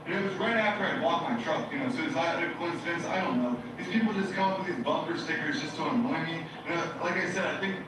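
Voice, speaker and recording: An agitated man with a fairly high voice rambles on, circling back and stacking fillers as he rants. His recording sounds distant and heavily echoey, played back in a large room. A faint hiss sits underneath. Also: fast talker, few pauses. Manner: agitated, ranting, repeats himself with many fillers. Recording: very echoey playback heard from far off.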